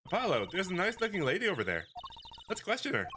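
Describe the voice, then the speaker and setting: A man voicing a cheerful teenage girl magician sidekick in a high, eager voice while reading game dialogue. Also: wildly swooping pitch, quick pace, background noise. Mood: peppy. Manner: bubbly, high-pitched and eager. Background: game music.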